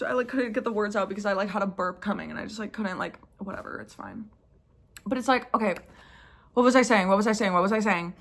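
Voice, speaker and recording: A woman's voice: mid-range voice, fairly bright tone. A young woman ranting casually to her camera, exasperated, with lots of "like" fillers and swearing. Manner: exasperated, heavy use of "like", swearing. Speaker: YouTuber. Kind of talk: casual rant.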